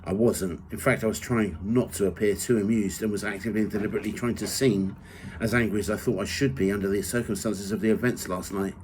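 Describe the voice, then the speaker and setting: Low-voiced guy reading his own memoir, steady first-person telling, bit of faint background hum. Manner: measured reading, rising loud for quoted shouts.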